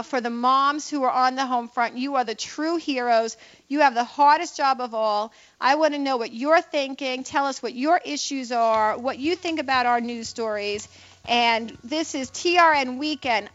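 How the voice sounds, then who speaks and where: A high-pitched woman hosts a talk radio show in a brash, opinionated way, firing off quick asides. The sound is dull and lo-fi, like an old broadcast. She talks to listeners as if they are in on the joke. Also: fairly bright tone.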